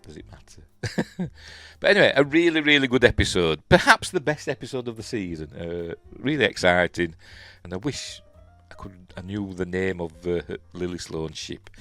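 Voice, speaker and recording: A man's voice: low-pitched, animated, normal speed, fairly bright tone, no room sound, faint music behind. A man with a Yorkshire accent, hosting a casual solo review, rambling and chuckling, often trailing off into a mumble. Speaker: show host and reviewer.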